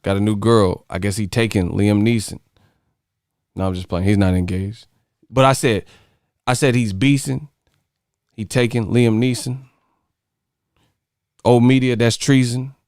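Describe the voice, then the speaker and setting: A man's voice: lowish voice, fairly even intonation, measured pace, pauses often, darkish tone, dry recording, studio quality. A man hosting a casual livestream chat, joking with viewers and breaking into sung snippets and movie impressions. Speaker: livestream host.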